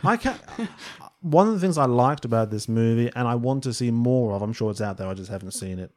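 A man's voice: medium pitch, animated, a little fast. A man co-hosting a podcast, talking in a rambling, casual way with many fillers and frequent laughs. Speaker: podcast co-host. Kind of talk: casual film discussion chat.

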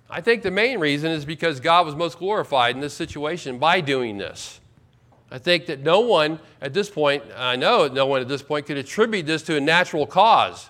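A man preaching a sermon as pastor, emphatic, slowing right down to stress key words. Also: on the high side, bright, forceful tone. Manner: emphatic, with slow drawn-out stresses.

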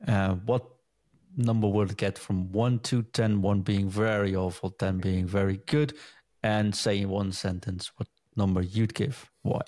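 A man with a fairly low voice hosts a casual talk show. He moves easily from topic to topic, chatty and relaxed, keeping the conversation going. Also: measured pace. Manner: relaxed, chatty, leading the segments. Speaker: podcast host. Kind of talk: casual chat.

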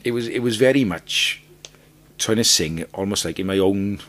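A Welsh man with a deep, low voice talks as a guest on a podcast. He tells his stories with energy and often stumbles over the first words of a sentence before he gets going. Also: moderate pace. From Wales. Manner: animated storyteller, repeats words when starting sentences. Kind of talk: casual chat.

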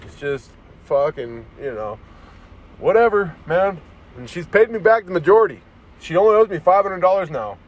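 A man ranting straight to camera, swearing freely and rambling from one grievance to the next. His voice sits a little high for a man, and he keeps tripping over restarts. It sounds like a loose vlog recorded in a vehicle. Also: lively intonation, moderate pace. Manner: profane, rambling, restarts often. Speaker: vlogger. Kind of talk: casual ranting monologue.

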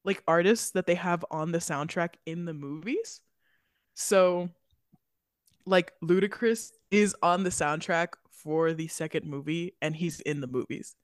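A woman's voice: fairly low pitch, measured pace, no echo, studio quality. A woman co-hosting a film podcast, chatting casually, rambling with fillers and giggling often. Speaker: podcast co-host. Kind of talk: casual chat.

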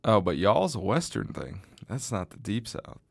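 A young man co-hosting a casual chat, talkative and quick to laugh. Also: on the low side, sing-song, creaky, dry recording, clean studio sound. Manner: laughs often, chatty. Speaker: podcast co-host.

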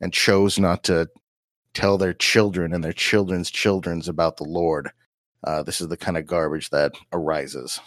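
Rambling man with a low voice. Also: flat delivery, a little slow, fairly bright tone, dry recording. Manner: rambling, heavy use of "like" fillers. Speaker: podcast co-host. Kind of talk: casual chat.

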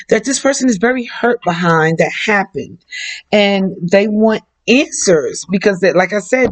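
Woman psychic reader, unhurried and drawn-out delivery, frank and plain-spoken, mid-pitched voice. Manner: slow, drawn-out, blunt and frank with casual swearing. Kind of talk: relaxed spoken reading for viewers.

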